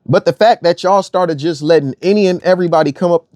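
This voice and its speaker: A man's voice: high-pitched, fast, a little mellow, no echo. A young man delivering a blunt, profane rant as an online commentator, repeating phrases for emphasis. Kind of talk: ranting monologue.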